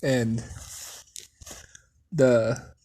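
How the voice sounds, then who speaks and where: A young adult storyteller casually retelling a fan story, rambling with fillers, coughing and clearing their throat often. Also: mid-range voice, fairly even intonation, extremely slow, mellow.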